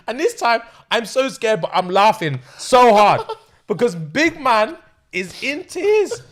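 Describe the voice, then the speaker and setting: A man, hosting a podcast and telling an animated story, laughing often and acting out what others said. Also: very high voice, unhurried. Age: 20s. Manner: excitable, laughing often, acts out quotes. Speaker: podcast host.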